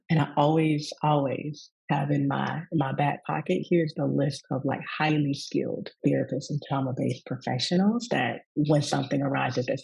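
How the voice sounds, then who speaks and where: A woman's voice: a bass voice, vocal fry, breathy edge, rough recording. A woman from the Southern United States, a rest coach and yoga teacher, telling a reflective story in a summit interview. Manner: warm, reflective storytelling with acted quotes.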